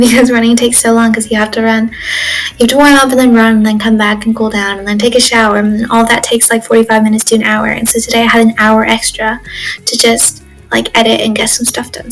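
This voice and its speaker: A woman's voice: a little high, rough recording. A teenage girl on a study exchange rambling through her day in a casual video diary, full of fillers and asides. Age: teens. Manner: chatty, rambling, lots of "like" and "um". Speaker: exchange student vlogger.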